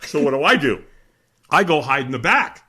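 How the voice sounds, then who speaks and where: Lively, bright-voiced storytelling man. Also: fairly high pitch, moderate pace, slightly rough. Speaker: podcast guest. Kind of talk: animated storytelling.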